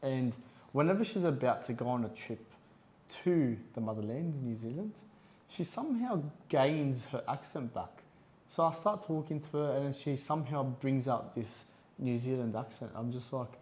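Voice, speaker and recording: A man's voice: medium pitch, moderate pace. A man co-hosting a casual podcast chat, telling stories animatedly and acting out quotes. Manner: animated storyteller, acts out quotes. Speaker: podcast co-host.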